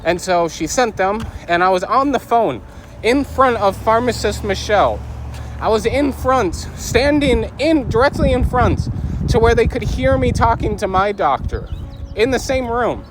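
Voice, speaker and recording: A man with a high voice vents as he recounts his day, still agitated, his voice jumping up whenever he quotes people. Faint street and car noise sits behind him outdoors. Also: expressive, unhurried. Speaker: podcast host. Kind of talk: casual angry storytelling vlog.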